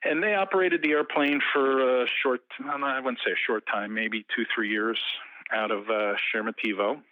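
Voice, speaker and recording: Guy on a phone line telling a long story, talky and animated, dry tinny sound. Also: mid-range voice, a little fast, no room sound. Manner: lively, talkative storyteller. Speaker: guest. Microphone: phone call.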